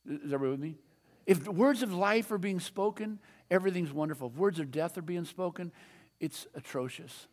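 An older man delivers a sermon in a high-pitched voice, talking to the congregation like a conversation and circling back to the same refrain. His words ring out with the long reverb of a big hall. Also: fairly quick, darkish tone. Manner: conversational preaching with repeated refrains and questions to the audience.

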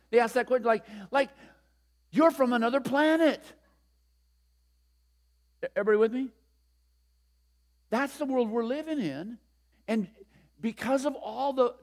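A man in his sixties preaching a conversational sermon, stressing points and asking the congregation questions. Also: very high-pitched. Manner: conversational, emphatic, asks the room questions. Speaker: pastor.

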